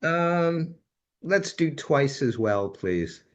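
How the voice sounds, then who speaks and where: A man's voice: a little high, big pitch swings, very slow, dull audio. An older man hosting a live-streamed magic show, announcing acts in a showbiz style. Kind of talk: showman's host patter.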